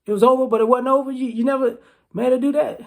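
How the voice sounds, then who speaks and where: A woman's voice: high-pitched, fairly even intonation, fast, creaky. A woman vlogger giving casual, teasing commentary, rambling and repeating herself.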